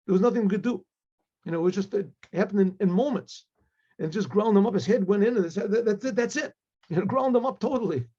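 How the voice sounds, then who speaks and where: Man, rabbi, storytelling, high voice, mellow tone, halting delivery, dull lo-fi recording. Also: breathy edge. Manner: halting, many restarts and asides. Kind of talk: storytelling talk.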